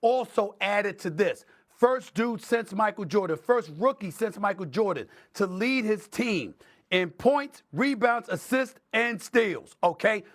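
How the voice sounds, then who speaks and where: A middle-aged man with a high-pitched voice holds the floor as a sports debate host. He talks emphatically and piles up points one after another. He leans hard on key words. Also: unhurried. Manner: emphatic, animated, building lists for effect.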